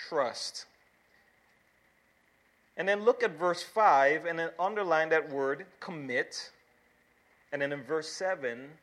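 Bright-voiced man preaching a sermon. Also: on the high side. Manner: preaching with rising emphasis, repeats words. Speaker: pastor.

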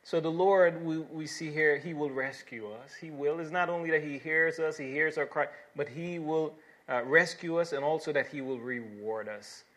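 A man's voice: fairly high pitch, moderate pace, fairly bright tone. Earnest man preaching through scripture. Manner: earnest, with fillers and restarts, rising to emphatic exhortation. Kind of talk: sermon with scripture reading.

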